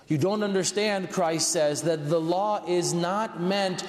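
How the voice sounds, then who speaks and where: A man preaching a sermon to his congregation in a large church, slow and earnest, rising for emphasis. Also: on the high side. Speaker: priest. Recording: echoey church from a distance.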